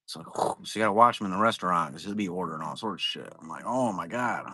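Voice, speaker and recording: A middle-aged man talks loosely and at length, drifting from one story to the next, with plenty of cursing and chuckling at his own tales. His voice is bright and a little tense. The sound is close and dry, with no room around it. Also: deep voice, expressive, quick pace, husky, dry recording. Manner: rambling storyteller, swears freely, laughs at his own stories. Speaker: live-stream seller. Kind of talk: casual chat. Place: at home, sitting.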